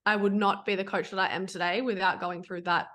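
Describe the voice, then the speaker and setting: A woman coach speaking in a mid-pitched voice as a podcast guest. She is candid and blunt, drops casual swear words, and leans on fillers like "like" in relaxed chat. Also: a little fast. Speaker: online fitness coach, guest.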